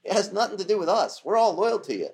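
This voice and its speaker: A man's voice: high voice, big pitch swings, fast talker, gravelly, darkish tone, husky, pitched above the performer's own voice, full character voice. A man voicing anxious soldiers explaining themselves to their king. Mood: pleading. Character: nervous loyal soldiers of an enemy king.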